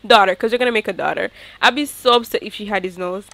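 A woman's voice: fairly high pitch, fast, hardly any pauses, no room sound. Chatty woman narrating her game. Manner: chatty, excitable, talks straight to viewers. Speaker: gaming YouTuber. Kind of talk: casual gameplay commentary.

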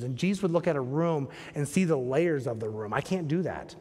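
A male pastor delivers a sermon in a church sanctuary, his fairly high voice trailing off into a long reverb. He keeps it conversational and often turns to the congregation with rhetorical questions. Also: lively intonation, fairly quick, hardly any pauses, mellow, husky.

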